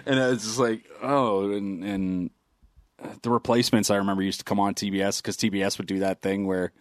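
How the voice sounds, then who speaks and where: A man co-hosting a casual podcast chat, telling stories with quick laughs and acted-out quotes. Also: lowish voice, no room sound, studio quality. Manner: animated storyteller, acts out quotes, laughs often. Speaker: podcast co-host.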